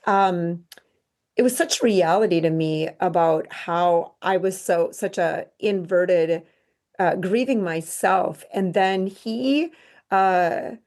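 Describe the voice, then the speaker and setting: A middle-aged woman, a podcast guest, telling a painful personal story in an earnest, halting way, full of restarts. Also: fairly low pitch, a little mellow.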